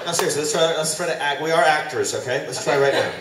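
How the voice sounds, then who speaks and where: A man's voice: on the high side, quick pace. A man on a convention panel, bantering and bickering in mock exasperation with his co-star. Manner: teasing, mock-exasperated, playful. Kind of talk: improvised comic bickering with co-star. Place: large convention hall, recorded from the audience. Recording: far-off echoey hall audio with loud noise.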